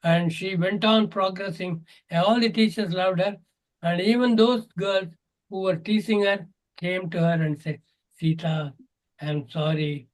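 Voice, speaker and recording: A man's voice: sits high, measured pace, rough recording. An older man with an Indian English accent, a natural health teacher telling stories earnestly and acting out the dialogue. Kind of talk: storytelling advice in an online Q&A.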